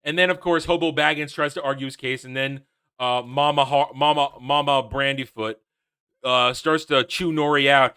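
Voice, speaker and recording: A man's voice: medium pitch, steady tone, moderate pace, sharp tone, clean tone. A man giving a casual, sarcastic episode review, mocking and ranting with frequent laughs. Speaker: TV show reviewer.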